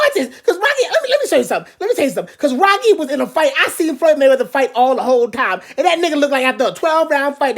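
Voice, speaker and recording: A woman comedian doing a loud, profane comedic rant, full of animated asides and quick impressions. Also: high-pitched. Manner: animated, profane, jumps into mimicry. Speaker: comedian vlogger.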